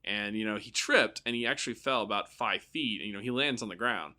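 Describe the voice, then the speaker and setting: A man's voice: on the low side, fairly quick. A man as a podcast guest in casual chat, telling stories animatedly and acting out kids' voices. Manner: animated storyteller who acts out voices of kids. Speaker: podcast guest, game designer.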